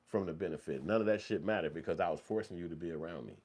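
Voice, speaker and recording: Deep-voiced man ranting bluntly. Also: fast, few pauses, darkish tone. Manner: blunt, heated, profanity-laden, repetitive. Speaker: commentator. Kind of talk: profane ranting commentary.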